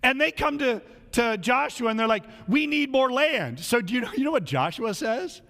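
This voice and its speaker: A male pastor delivers a sermon in a lively, conversational way, acting out the people he quotes. His voice sits high for a man and climbs and drops all over the place. It carries a long hall reverb, like a large church sanctuary. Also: brisk, vocal fry. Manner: animated, conversational preaching that acts out quoted voices.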